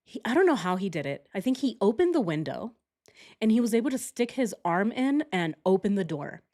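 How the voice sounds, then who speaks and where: Brief: young adult woman streamer, candid, animated storytelling, mid-pitched. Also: fairly quick. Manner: candid, animated retelling with quoted shouts. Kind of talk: casual storytelling chat.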